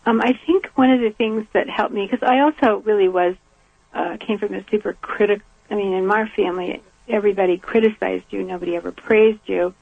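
An older woman from the American South, a guest in an interview, talking in an earnest, reflective way with soft laughs. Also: mid-range voice, a little fast, vocal fry, husky, no room sound. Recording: tinny phone line.

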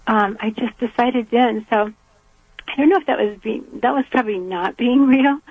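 Gravelly older woman on a phone line. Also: on the high side, normal speed, no echo. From American South. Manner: earnest, reflective, with soft laughs. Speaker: guest. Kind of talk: reflective conversational interview.

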